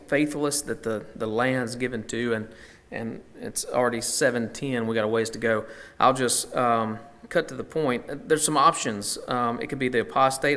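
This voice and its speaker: A man's voice: mid-range voice, a bit bright. Guy teaching a bible study, chatty, lots of um and restarts, mid voice. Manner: conversational, thinking aloud with fillers and restarts.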